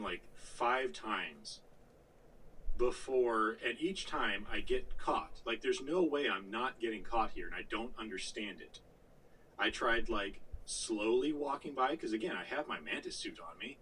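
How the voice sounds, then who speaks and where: Guy rambling about a game on a podcast, kinda low voice, faint hiss behind, mic a bit far. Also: moderate pace, sharp tone. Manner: rambling storyteller with frequent fillers and swearing. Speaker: podcast co-host. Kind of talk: casual gaming chat.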